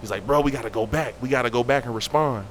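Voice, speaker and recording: A man's voice: mid-range voice, quick pace, slight background noise. A young man telling a story in casual talk, acting out the voices of the people in it. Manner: animated, acts out quoted voices.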